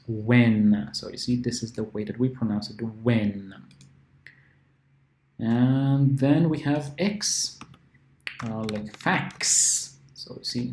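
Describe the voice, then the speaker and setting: A male English teacher walks through the alphabet at a very slow, deliberate pace, repeating each example word. His voice is soft and mellow rather than bright, and it rings in an echoey room. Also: medium pitch. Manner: patient, repeats example words slowly. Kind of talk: phonics lesson explanation.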